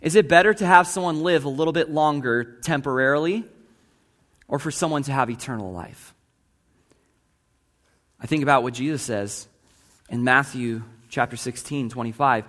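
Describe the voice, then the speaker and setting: A man of middle pitch delivers a sermon in an earnest preaching manner. He poses rhetorical questions to his listeners and reads long quotations aloud. His voice sits at an ordinary pitch for a man. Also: moderate pace, pauses often, fairly bright tone. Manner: asks the congregation rhetorical questions. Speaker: pastor.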